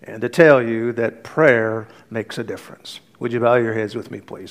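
A middle-aged male pastor preaching a sermon, telling stories with earnest warmth and light humor, then leading a prayer. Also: mid-range voice, steady tone, normal speed, hardly any pauses.

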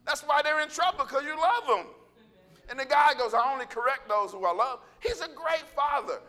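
A man preaching a sermon, animated and joking, acting out little voices and calling out to the congregation. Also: very high voice, moderate pace. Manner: animated, joking, acts out voices, laughs often; calls out to congregation.

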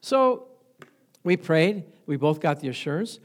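A man's voice: on the high side, lively intonation, unhurried. A middle-aged male pastor preaching a sermon, telling stories with laughter and frequent praise interjections.

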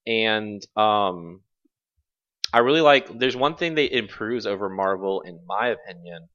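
A man hosting a casual gaming podcast, animated and jokey, swearing freely as he talks. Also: lowish voice, measured pace. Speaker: podcast host. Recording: lo-fi audio.

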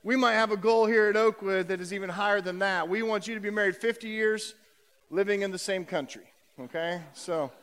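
A man's voice: high-pitched, a little fast, a bit bright, smooth, big-room sound. A man preaching a conversational sermon as pastor, with frequent fillers and restarts. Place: church sanctuary.

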